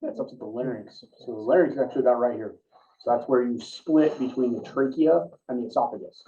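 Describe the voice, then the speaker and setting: A man leads an EMT class in a relaxed, informal way, questioning his students as he goes. His voice is dark and mellow. He is picked up from a distance in a classroom on a dull, lo-fi recording. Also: mid-range voice, fast talker, slight background noise. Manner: casual, asks the class questions. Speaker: EMT instructor.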